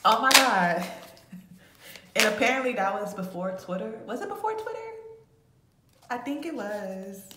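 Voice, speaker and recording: A woman in an echoey room chats through a tarot reading, rambling and swearing freely. Clear background noise sits behind her voice. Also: on the high side, expressive, normal speed, pauses often. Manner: chatty, profane, laughing asides. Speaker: tarot reader. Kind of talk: casual tarot reading vlog.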